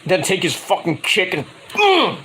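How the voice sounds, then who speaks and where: A man's voice: a little high, expressive, normal speed, sharp tone, slight background noise, low-quality recording. A man ranting in a casual, rambling, profane style as a wrestling vlogger.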